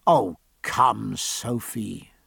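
A man's voice: on the low side, drawn-out words, creaky, fairly bright tone, breathy edge, no room sound, clean studio sound, voice pushed down, exaggerated voice. A man playing a middle-aged naval officer husband in an audiobook, earnest and pleading. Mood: gentle. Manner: earnest, pleading, then harsh. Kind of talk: audiobook character voice.

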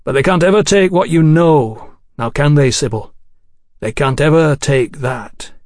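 A man's voice: a little high, measured pace, darkish tone, dry recording, clean studio sound, close to an everyday voice. A man voicing a persuasive male swindler who coaxes and then presses his points emphatically. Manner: coaxing, then hard and emphatic. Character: smooth-talking male street swindler, persuasive and bitter.

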